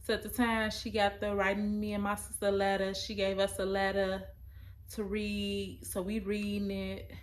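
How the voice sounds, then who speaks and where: A young adult woman, telling a personal story in a casual, emotional, halting way. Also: mid-range voice, completely flat delivery.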